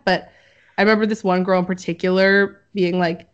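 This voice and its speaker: A woman's voice: medium pitch, little pitch movement, fast, highs cut off. A young woman co-hosting a podcast, explaining research in casual chat with lots of fillers and laughter. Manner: chatty, filler-heavy, laughs often. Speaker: podcast co-host presenting research.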